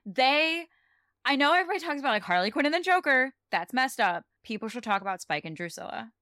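Young woman podcast co-host, chatty and animated, slightly high voice, dry close sound. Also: fast talker, no room sound. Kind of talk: casual chat recapping a TV episode.

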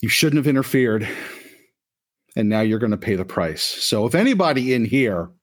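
Brief: ominous vampire boss, slow and measured, a man puts him on, mid-pitched. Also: lively intonation, lightly acted. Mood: menacing. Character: menacing male vampire leader threatening revenge.

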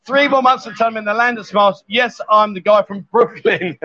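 A man's voice: high-pitched, normal speed, sharp tone, highs cut off. A man hosting a casual live-stream chat, teasing his co-host and laughing often.

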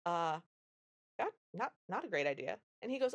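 Animated woman podcaster retelling a film. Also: on the low side, normal speed. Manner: animated retelling, acts out quoted lines. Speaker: podcast co-host. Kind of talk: casual chat, recapping a film.

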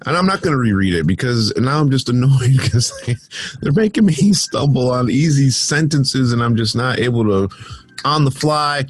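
A man hosting a casual news show from his home studio, reading odd stories and breaking off into sarcastic, rambling asides. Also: medium pitch. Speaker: podcast host reading news.

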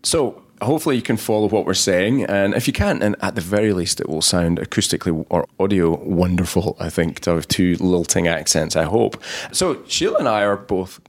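A man's voice: low voice, animated, a little fast. A Scottish man hosting a podcast, joking and upbeat as he chats with his guest. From Scotland. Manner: jokey, upbeat, chatty. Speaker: podcast host. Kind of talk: podcast intro and interview chat.

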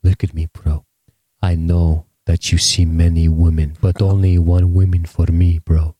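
A man's voice: low-pitched, level tone, measured pace, warm tone, no room sound, pitched below the performer's own voice. A man voicing a lovesick young soldier in a mock Jamaican accent, earnest and calling everyone "bro.". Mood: earnest boasting. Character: lovesick young male soldier boasting to his comrades.

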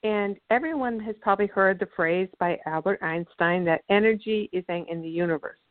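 A woman's voice: medium pitch, fairly quick, no room sound. A woman guest speaker explaining ideas earnestly and telling a story in a teaching manner. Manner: earnest, teaching, acts out quotes. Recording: tinny dry phone line.

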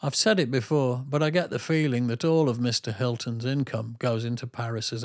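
A man's voice: mid-range voice, steady tone, moderate pace, few pauses, dry recording. A man reading his tour diary aloud with a dry, wry humour, then chatting casually as host. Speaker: podcast host.

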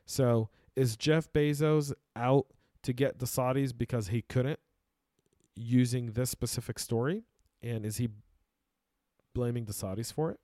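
A man's voice: medium pitch, measured pace, dark tone, dry recording. Chatty male podcast host, dry studio sound. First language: Arabic. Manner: conversational, emphatic, with frequent restarts. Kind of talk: casual podcast monologue.

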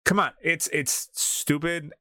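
A man's voice: on the high side, fairly even intonation, slow, pushed and bright, dry recording, studio quality. A man co-hosting a casual sports podcast, ranting bluntly and with exasperation. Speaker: podcast co-host.

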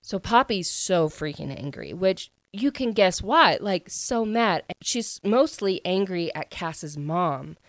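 A woman's voice: on the low side, expressive, slow pace, hardly any pauses, dry recording. A woman casually retelling a book's plot, chatty and full of "like" and "um" fillers. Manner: chatty, filler-heavy with frequent "like" and "um". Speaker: book recap vlogger.

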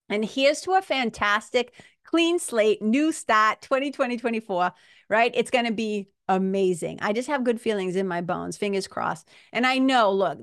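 A woman's voice: mid-range voice, no room sound, clean studio sound. A woman hosting a solo podcast as a hypnotist, talking straight to her listeners in an upbeat, effusive way and often repeating her phrases. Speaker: podcast host and IBS hypnotist.

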